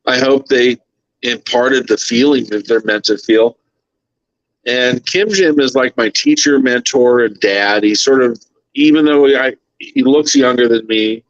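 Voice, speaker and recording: A man's voice: mid-range voice, no echo. Earnest emotional guy telling his story, dry muffled call audio. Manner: earnest, quotes others in his own voice. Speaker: podcast guest.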